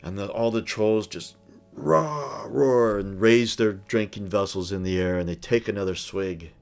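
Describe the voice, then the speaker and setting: A man acting as game master who describes the scene in an unhurried way, with some hesitations. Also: low voice, little pitch movement, faint music behind. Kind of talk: narrating a tabletop game.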